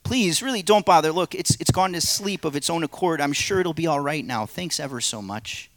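A man's voice: medium pitch, animated, fairly quick, no echo, natural voice. A male pastor acting a nervous, evasive man who stammers and makes excuses. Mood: nervous pleading. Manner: pleading, stammering, making excuses.

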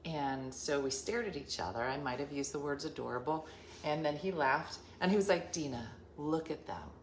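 Low-voiced woman rambling thru a funny story, kinda echoey room, faint noise behind. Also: normal speed. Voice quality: chatty, animated, acts out dialogue in shifting voices and whispers. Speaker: vlogger. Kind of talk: casual storytelling to viewers.

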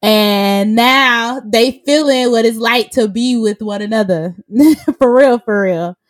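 A woman co-hosting a casual chat, talking in a laid-back, drawn-out way and laughing often. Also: a little high, no echo. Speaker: podcast co-host reviewing wrestling.

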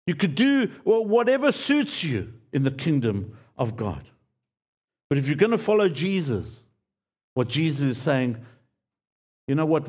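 Speaking from the pulpit, the pastor sounds earnest and imploring as he repeats key phrases. He tends to close his thoughts softly, sinking to a low, quiet finish.

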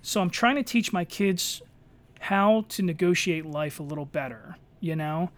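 Middle-aged male co-host, high voice, dry close sound, blunt and profane. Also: steady tone, measured pace, no echo. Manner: blunt, swears freely. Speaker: podcast co-host. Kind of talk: casual chat.

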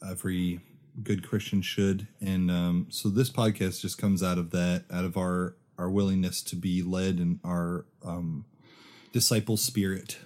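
Mellow-voiced joking male co-host. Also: deep voice, level tone, unhurried. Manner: teasing and joking, laughs often. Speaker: podcast co-host. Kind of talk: casual chat.

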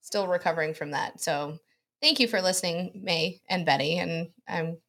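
A woman's voice: lowish voice, moderate pace, fairly bright tone. A woman co-hosting a casual podcast, rambling and giggling as she talks. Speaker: podcast co-host. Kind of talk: casual chat.

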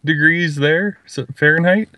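A man's voice: on the high side, measured pace, bright, forceful tone. A man from Canada, a podcast guest telling a story in an amused, casual way. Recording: distant from the mic.

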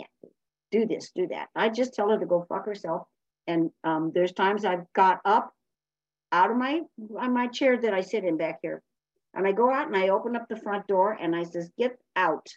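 A woman's voice: mid-range voice, a little mellow, no echo, highs cut off. A woman giving a blunt, emphatic personal share as a speaker at a recovery meeting.

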